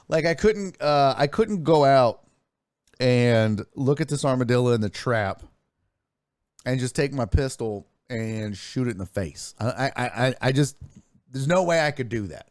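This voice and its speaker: A man's voice: medium pitch, lively intonation, normal speed, darkish tone, dry recording. A man hosting a sports live stream, chatting casually, telling stories, reading chat messages aloud and swearing freely. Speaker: sports streaming show host.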